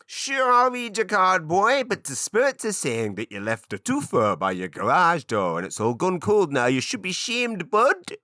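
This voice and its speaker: A cackling East Coast kitchen witch reading cards in a squeaky, swooping mock East Coast Canadian accent, shrill and sing-song, as a man puts her on. The voice is bright and cutting, and the room is dry with no echo. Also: big pitch swings, moderate pace, hardly any pauses, heavily acted. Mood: mock mystical. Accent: put-on East Coast Canadian, deliberately off.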